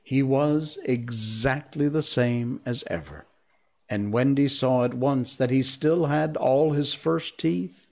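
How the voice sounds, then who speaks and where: A man reading a storybook aloud as narrator, measured and expressive. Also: mid-range voice, gravelly.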